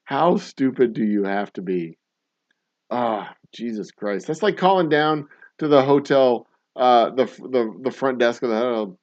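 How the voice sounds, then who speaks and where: A man's voice: medium pitch, lively intonation, unhurried, a little mellow, no room sound. Male show host, casual profane commentary, dull lo-fi sound. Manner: profane, incredulous, laughing riffs. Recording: dull dry lo-fi recording.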